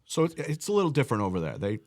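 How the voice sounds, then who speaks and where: A man's voice: mid-range voice, wildly swooping pitch, very fast, a little mellow. A man, a podcast guest, telling rambling stories in casual chat and often restarting his sentences. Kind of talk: casual storytelling.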